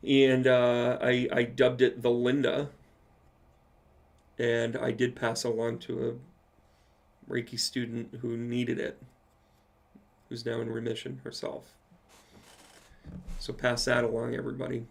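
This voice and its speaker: A man's voice: mid-range voice, completely flat delivery, measured pace, vocal fry, long pauses. A man, a psychic medium, telling a personal story in a casual live Q&A and swearing freely as he goes.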